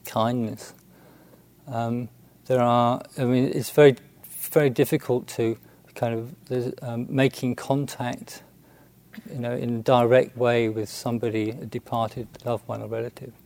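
A man, a Buddhist monk, telling a story in a halting, unhurried way with many restarts and fillers. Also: medium pitch, little pitch movement, a little mellow. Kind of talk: storytelling talk.

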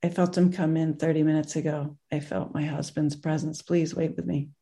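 A storyteller voicing a soft-spoken woman, a wife who senses her late husband. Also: mid-range voice, level tone, normal speed, natural voice. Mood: pleading.

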